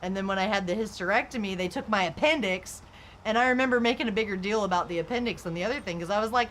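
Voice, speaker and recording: A fast-talking young woman streams a game and chats casually, candid and rambling with heavy use of "like." Her mid-range voice has a fairly bright tone, and slight background noise is present.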